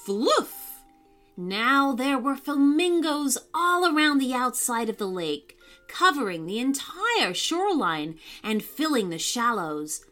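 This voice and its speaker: Slow, lively woman reading a bedtime story. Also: high voice, soft background music. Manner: slow, expressive, sing-song reading. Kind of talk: children's bedtime story narration.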